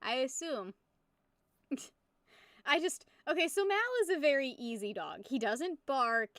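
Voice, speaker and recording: A woman's voice: high-pitched, animated, unhurried, a bit bright, dry recording, clean studio sound. A young woman in her twenties streaming, chatting casually with viewers in a rambling, giggly way and swearing freely. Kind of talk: casual live-stream chat.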